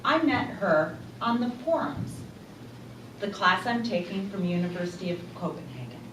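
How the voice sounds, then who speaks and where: A woman giving a talk to a small group, speaking deliberately and putting questions to her listeners. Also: mid-range voice, animated, fairly bright tone. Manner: slow, deliberate, rhetorical questions to the audience. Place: room with a small audience. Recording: echoey room from a distance, faint hum.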